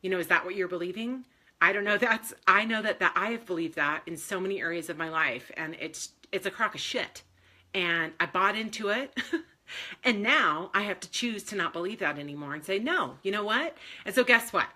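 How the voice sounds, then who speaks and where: A woman's voice: on the low side, fairly quick, pushed and bright. A woman speaking to viewers on a live stream about faith and self-worth, candid and emotional, swearing freely and often laughing. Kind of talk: casual live-stream talk.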